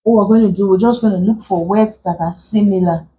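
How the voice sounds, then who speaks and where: A woman English tutor teaching vowel sounds for exam preparation, saying example words slowly and often repeating them. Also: medium pitch, steady tone, dark tone, low-quality recording. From Nigeria. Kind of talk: exam prep lesson.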